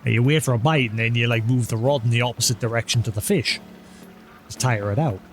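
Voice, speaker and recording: A man's voice: medium pitch, quick pace. A man streaming a video game live, chatting casually and coaxing an in-game cat with a playful voice. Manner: chatty, talks to in-game cat, baby-talk and meowing. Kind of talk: live gameplay commentary.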